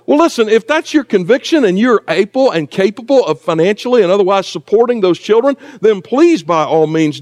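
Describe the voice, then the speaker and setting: A middle-aged pastor with a notably high-pitched voice delivers a sermon. He preaches conversationally, slipping in joking asides to his congregation. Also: darkish tone. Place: church sanctuary.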